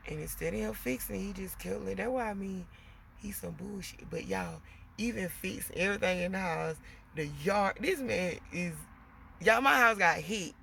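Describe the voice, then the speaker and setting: Woman vlogger, gravelly and sharp-toned, chatty venting with plenty of cussing. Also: mid-range voice, animated, normal speed, slight background noise. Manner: chatty, swears freely, keeps addressing viewers as y'all. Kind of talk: casual venting to viewers.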